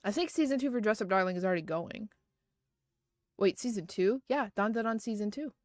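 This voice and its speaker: A woman chatting casually on a live stream from a close desk mic at home. Her voice sits at a middle pitch and sounds dry and close, with no room around it. She rambles happily with lots of "like" and "um" and breaks into frequent giggles. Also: lively intonation, brisk, darkish tone, no room sound.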